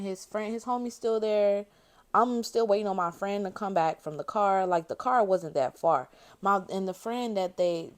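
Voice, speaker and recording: A young woman casually telling a story while doing her makeup, chatty and slangy, using lots of filler words. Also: medium pitch. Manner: chatty and slangy, heavy use of "like" fillers, addresses viewers as y'all. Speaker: beauty vlogger.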